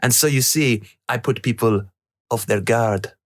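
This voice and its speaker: A man's voice: medium pitch, unhurried, dry recording, clean studio sound, lightly acted. A man putting on an exaggerated, hammy mock French-Belgian accent to voice a vain, fussy foreign detective. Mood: pompous.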